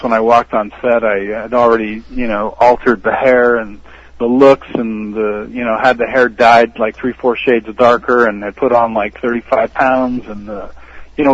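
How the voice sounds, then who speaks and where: A man from the United States, an actor and podcast guest, telling stories in a casual interview, animated and laughing often. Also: medium pitch, no room sound, highs cut off.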